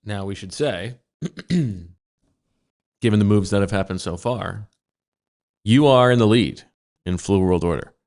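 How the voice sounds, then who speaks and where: A man with a low, deep voice co-hosts a casual sports podcast. He talks in a flat, deadpan way, even when he is joking. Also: measured pace, long pauses. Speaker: podcast co-host.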